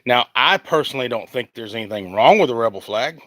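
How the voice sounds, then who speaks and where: A Southern American man talks into his phone outdoors, fired up and rambling, circling back to his point again and again. His voice is bright and forceful, and the sound is dry and close, with no room around it. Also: medium pitch, animated, a little fast, dry recording. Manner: rambling, heated, restarts often. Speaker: country singer on a livestream. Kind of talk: casual livestream rant. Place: outdoors in the heat. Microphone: phone at arm's length.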